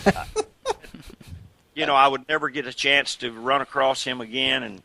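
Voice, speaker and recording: An older man in a casual interview, chatting in an animated way about his career and breaking into imitations and laughs as he tells stories. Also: mid-range voice, a little fast, creaky, slight background noise. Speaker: guest, retired wrestler.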